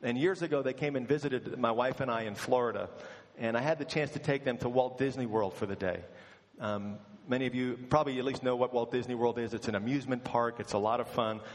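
A man's voice: medium pitch, quick pace. Male pastor telling a story in a large hall. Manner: storytelling, animated in quoted asides. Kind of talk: sermon with personal story. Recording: long reverb of a large hall.

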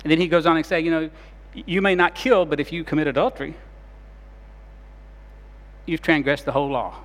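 A man preaching a sermon in a church, his voice sitting a little high and carrying a long reverb around it. He moves from loud, urgent passages to soft, hushed ones as he retells scenes. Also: fairly even intonation, fairly quick. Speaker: pastor.

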